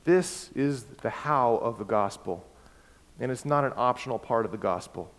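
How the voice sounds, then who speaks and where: A man preaching a sermon, emphatic and repeating key words, swinging between loud and soft. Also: mid-range voice, expressive, moderate pace. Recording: long hall reverb.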